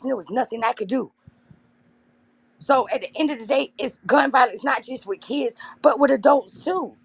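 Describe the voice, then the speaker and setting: Impassioned gravelly-voiced woman livestreaming. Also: a little high, a bit bright. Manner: impassioned, addresses viewers as y'all. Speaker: livestream host. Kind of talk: emotional livestream talk to viewers.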